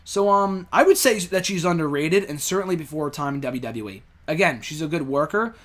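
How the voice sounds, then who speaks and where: A young man hosts a casual chat show, answering fan questions in a rambling way, full of fillers and blunt opinions. His voice is a little high, animated and bright, and he talks a little fast.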